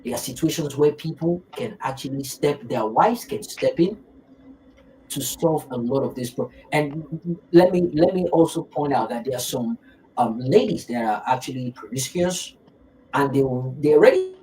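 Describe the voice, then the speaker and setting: A man hosting a podcast, talking in an emphatic, animated way and swearing for emphasis. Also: mid-range voice, slight background noise, low-quality recording. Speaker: podcast host. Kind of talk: casual podcast conversation.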